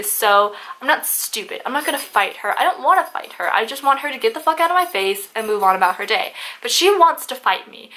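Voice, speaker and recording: A nineteen-year-old woman vlogging a casual storytime, chatty and animated, swearing freely and filling with "like" and "um". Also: a little high. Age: young adult.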